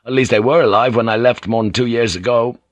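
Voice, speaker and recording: A man's voice: mid-range voice, steady tone, fast, dry recording, lightly acted. A man reading an audiobook, voicing an earnest, plain-spoken English sea captain who is serious and weary.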